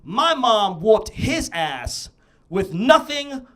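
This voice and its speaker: A male stand-up comedian performing a set, telling animated stories that build into shouted rants. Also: high-pitched, extremely slow.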